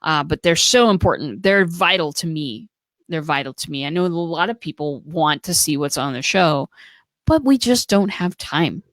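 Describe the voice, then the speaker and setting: Co-hosting a relaxed live stream, an American woman with a low-sitting, animated voice talks at normal speed. Her advice is earnest and practical, sprinkled with plenty of fillers, on a dry recording.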